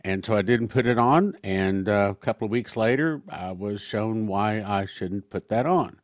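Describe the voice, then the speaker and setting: A man's voice: on the low side, moderate pace, dry recording, studio quality. A man, a pastor, giving a conversational sermon-style talk on prophecy, reading quotations aloud between his own remarks.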